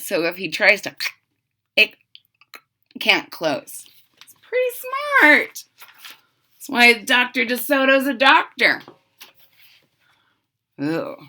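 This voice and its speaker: A woman teacher reading a picture book aloud to children, expressive, with chatty asides to the class. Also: mid-range voice.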